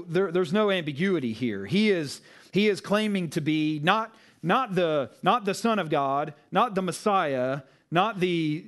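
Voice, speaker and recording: Man preaching in a casual, chatty way. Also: on the high side. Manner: conversational, animated retelling with asides and laughs. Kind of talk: casual sermon. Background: live audience.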